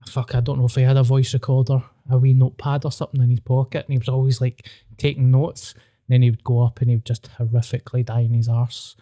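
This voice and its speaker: A Glaswegian man hosting a podcast in loose, casual chat, full of swearing and rambling stories. His voice is dark and mellow, and the recording is close and dry, with no room sound. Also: medium pitch, little pitch movement, fast, dry recording. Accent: Scottish, Glasgow. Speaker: podcast host.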